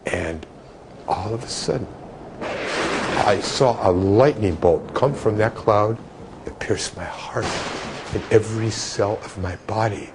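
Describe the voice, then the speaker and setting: A man in an interview, recounting a memory with vivid, animated storytelling. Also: lowish voice, slow pace, noisy background.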